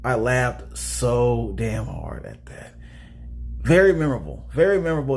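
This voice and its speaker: A man casually talking through a movie review in a chatty way, often checking in with "all right?". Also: mid-range voice.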